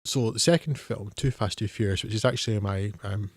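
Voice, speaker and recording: A man's voice: fairly low pitch, fairly quick, no room sound, clean studio sound. A man co-hosting a film podcast, talking in a wry, hesitant way with many fillers. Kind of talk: casual film discussion.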